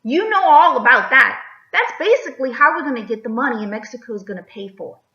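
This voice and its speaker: A woman's voice: sits high, expressive, fast talker, pushed and bright. A woman vlogger delivering an emphatic opinion rant, firing rhetorical questions and tagging lines with "okay?". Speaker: political vlogger. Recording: echoey, slightly dull.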